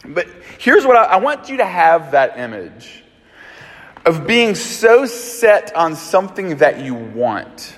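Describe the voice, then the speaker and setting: A man's voice: fairly high pitch, slow pace. A man from Alabama preaching a sermon, telling a personal story in a loose, conversational way. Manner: conversational storytelling, animated and chatty. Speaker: pastor. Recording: echoey hall.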